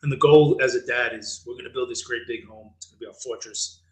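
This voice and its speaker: A man co-hosting a fatherhood podcast in relaxed, casual conversation. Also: mid-range voice, quick pace, rough recording. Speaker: podcast co-host.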